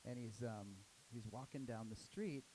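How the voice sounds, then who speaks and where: A man, a startup co-founder, telling a story casually on a panel, animated and full of "like"s. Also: medium pitch, normal speed, a little hiss or hum, rough recording. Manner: animated, many "like"s and restarts.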